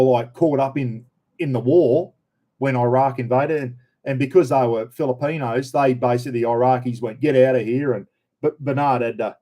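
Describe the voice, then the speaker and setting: A man's voice: medium pitch, mellow. A middle-aged Australian man chatting casually on a live stream, telling rambling stories with many restarts. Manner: rambling, anecdotal, frequent restarts.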